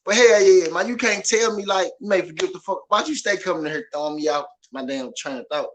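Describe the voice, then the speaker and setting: Loud, ranting man with a bright, high voice. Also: a little fast. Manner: loud, passionate, profane, repetitive. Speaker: boxing podcast host. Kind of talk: animated ranting commentary.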